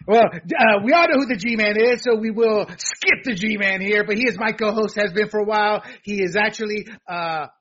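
Middle-aged guy running a political talk show, husky high voice, preachy and opinionated, dull lo-fi sound. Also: normal speed, few pauses, fairly bright tone. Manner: opinionated, lecturing, many fillers. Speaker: host.

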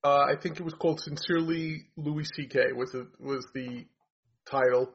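Man, husky and high-pitched, blunt and opinionated, casual talk, dull lo-fi audio. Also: steady tone, normal speed. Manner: blunt, opinionated, rambling with fillers. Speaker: comedy commentator.

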